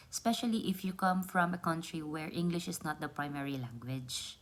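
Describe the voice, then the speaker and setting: A young woman talks straight to her viewers in a relaxed vlog. Her voice sits low for a woman. She explains things earnestly and repeats words to make her point. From Philippines. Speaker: vlogger. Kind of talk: casual vlog talk.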